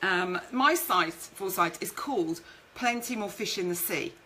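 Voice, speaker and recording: A woman's voice: fairly low pitch, moderate pace, bright, forceful tone, poor audio. A woman hosting a live-streamed business talk, chatty, reading out viewer comments and telling stories from her career. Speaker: networking show host and speaker.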